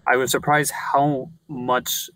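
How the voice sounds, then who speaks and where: A man in a casual podcast discussion, speaking hesitantly with many pauses. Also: medium pitch, flat delivery, bright, forceful tone, dry recording, low-quality recording. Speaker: author and podcast guest.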